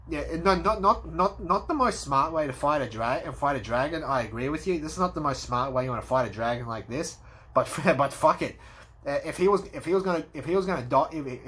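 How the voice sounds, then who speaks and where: A man giving an excitable, casual movie review, swearing freely and acting out scenes. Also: mid-range voice. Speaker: movie commentator.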